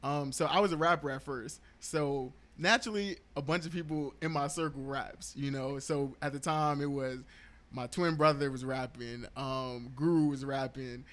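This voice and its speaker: A man's voice: mid-range voice, fairly even intonation, normal speed, fairly bright tone. A man, a podcaster and YouTuber, talking casually as a guest, laid-back and full of slang, laughing easily. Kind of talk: casual conversation.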